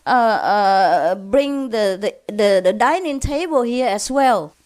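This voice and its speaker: A woman's voice: mid-range voice, lively intonation, slow pace, a little mellow. A woman voicing a flustered husband who has forgotten something at home. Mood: fretful. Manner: fretful, hesitant. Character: flustered forgetful husband at an airport.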